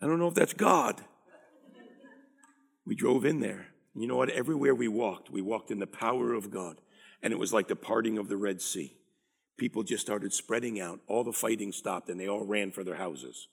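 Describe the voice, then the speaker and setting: A middle-aged man preaching a sermon, animated and drawing call-and-response from the congregation. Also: fairly low pitch, a little fast, creaky. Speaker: pastor.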